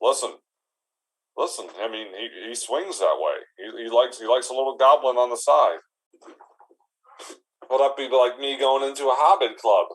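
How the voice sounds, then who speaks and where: A man doing a deadpan orc bouncer. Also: mid-range voice, normal speed, pauses often, close to an everyday voice, low-quality recording. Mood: rambling. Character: laid-back lonely male orc bouncer.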